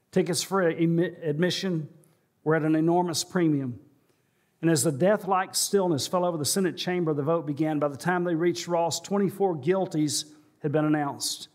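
A male pastor preaching a sermon in a church, telling a story and slowing and rising in pitch for emphasis. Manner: storytelling, slows and rises for emphasis. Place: church sanctuary.

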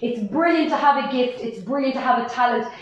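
A high, upbeat Irish woman leads a live home workout, cheering and counting down. Her voice rings around a very echoey room. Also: a little fast, lo-fi sound. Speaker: fitness instructor. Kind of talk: live-streamed workout class.

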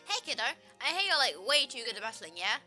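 A woman's voice: on the high side, big pitch swings, fast, pushed and bright, faint music behind, full character voice. A woman voicing a boastful old man who leads a gym, reading the game's dialogue in an odd put-on accent and a hearty drawl that calls the listener kid. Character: folksy old man gym leader, boastful seafood lover. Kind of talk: gameplay voice-over of game dialogue.

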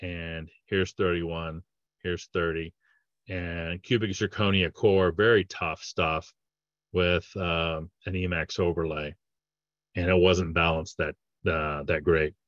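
In a dry, dull-sounding recording, a man who is a dentist works slowly through patient cases for a training webinar. His low, fairly bright voice keeps a fairly even intonation, and his conversational delivery has many fillers and restarts.

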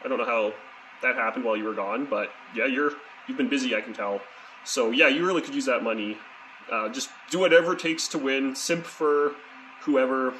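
A man sends a friend a rambling video message, delivering absurd news in a deadpan way and stumbling over filler words. His voice sits at a middle pitch. A faint hiss runs under the recording. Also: brisk, rough recording.

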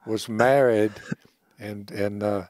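A man's voice: fairly low pitch, steady tone, slow, a little mellow, dry recording. An older man co-hosting a podcast, chatting casually and dropping dry, folksy sayings. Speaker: podcast co-host. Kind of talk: casual chat.

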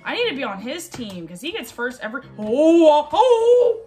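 A woman playing a shooter game and talking to herself as she goes. She is excitable, keeps repeating short phrases, and yelps and laughs at what happens on screen. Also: a little high, fast, faint music behind. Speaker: gaming video host. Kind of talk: live gameplay commentary.

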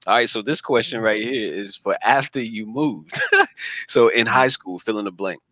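Low bright-voiced male podcast host. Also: no room sound. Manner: laid-back, asks questions, quick laughs. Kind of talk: casual podcast interview.

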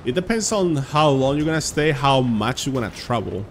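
A man's voice: mid-range voice, lively intonation, moderate pace. A man from Spain streaming a game live and chatting with viewers in a casual, joking way. He swears freely. Faint noise runs behind his voice.

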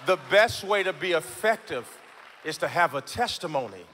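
A man preaching a live Sunday sermon in a church, calling out to the congregation and swinging from low, close talk to impassioned shouting. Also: lively intonation, moderate pace, crowd noise, noisy background. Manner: addresses congregation members directly. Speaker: pastor. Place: church sanctuary before a congregation.

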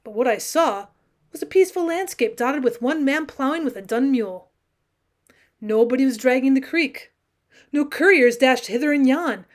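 A woman teacher narrating a classic short story as an audiobook, measured and expressive. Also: high voice. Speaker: teacher reading aloud.

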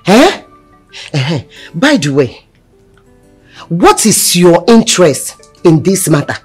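A woman's voice: lowish voice, very animated, slow, darkish tone, breathy edge, faint music behind, heavily acted. A middle-aged woman with a Nigerian accent playing a mother who questions her daughter with a teasing edge. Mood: probing. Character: probing mother of the house.

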